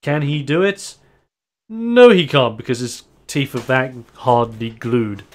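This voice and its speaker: Man, game master, animated narrator who laughs a lot, plain middle pitch. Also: slow pace. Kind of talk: narrating a tabletop wrestling game.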